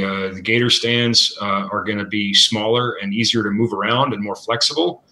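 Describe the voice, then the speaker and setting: A man answering questions as an equipment expert, talking casually and filling pauses with "uh" and "you know". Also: on the low side, fairly even intonation, sharp tone. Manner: thoughtful, filler-heavy with many uh and you know.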